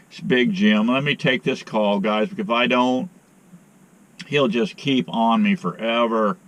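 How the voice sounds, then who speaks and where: Exasperated folksy man on the phone. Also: on the low side. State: sore arm after a shot. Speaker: outdoor vlogger and beekeeper. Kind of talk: casual vlog talk to viewers.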